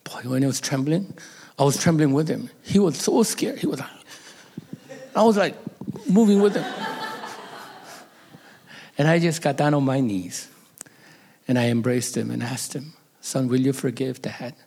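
A man's voice: mid-range voice, normal speed, vocal fry, pauses often, dark tone, husky. A middle-aged man, a pastor, telling a personal story in a sermon, emotional and at times dropping to a whisper.

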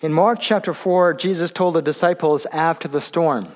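Male pastor, sermon, halting with fillers, somewhat high voice, long reverb. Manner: halting, many fillers and restarts.

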